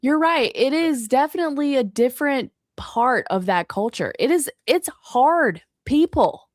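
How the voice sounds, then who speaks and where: A woman's voice: sits high, lively intonation, unhurried, no echo, studio quality. A woman podcast host talking casually on a remote call in an agreeable, affirming way. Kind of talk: casual conversation. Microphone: remote streaming call.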